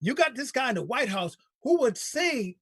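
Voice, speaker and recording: A man hosting a talk show, arguing politics in an animated, emphatic way and repeating himself. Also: very high-pitched, normal speed, slightly rough, no echo. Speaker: show host. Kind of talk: heated political debate.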